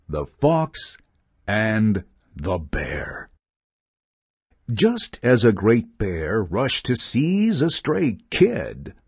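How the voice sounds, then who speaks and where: Slow, lively storybook narrator, man. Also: mid-range voice, slightly rough, dry recording, clean studio sound. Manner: slow, expressive reading.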